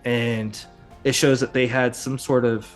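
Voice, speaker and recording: A man's voice: medium pitch, level tone, a little slow, soft background music. A man hosting a casual podcast, rambling with lots of fillers and chuckles. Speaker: podcast host. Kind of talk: casual chat.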